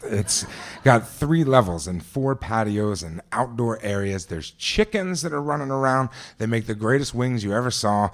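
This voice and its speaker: A man from New Jersey telling a vivid first-person story on stage at a live event, talking conversationally with frequent restarts and asides. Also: lowish voice.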